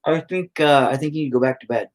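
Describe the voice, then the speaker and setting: A fast-talking man with a slightly high voice paints during a livestream, responding to chat. His casual chatter rambles, turns profane, and often mocks himself.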